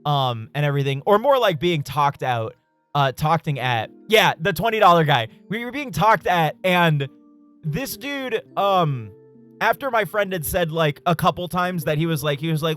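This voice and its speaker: A man streaming a game and telling a story in a casual, animated way, swearing and laughing often. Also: a little high, normal speed, soft background music. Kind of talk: casual live-stream chat while gaming.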